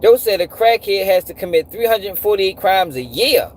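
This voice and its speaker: A man hosting a live stream, animated and profane, repeating himself and firing off rhetorical questions. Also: high-pitched, normal speed, slight background noise. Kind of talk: casual commentary to a live audience.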